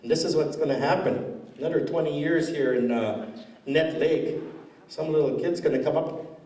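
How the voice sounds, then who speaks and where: A man's voice: on the high side, moderate pace, dark tone. A man doing stand-up comedy in a school hall, telling stories in a rambling, chatty way. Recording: echoey hall from far off.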